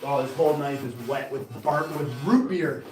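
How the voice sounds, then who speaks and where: A man hosting a casual live stream of knife-throwing trick shots, chatting to viewers and bursting into excited exclamations. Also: mid-range voice, normal speed. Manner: excitable, breaks into loud exclamations. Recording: echoey room, voice far from the mic, music behind.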